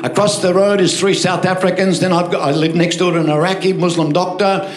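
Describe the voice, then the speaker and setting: Older australian man, pastor, animated sermon storytelling, higher voice, echoey church hall, music underneath. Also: a little fast. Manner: storytelling, animated, asks crowd for amens.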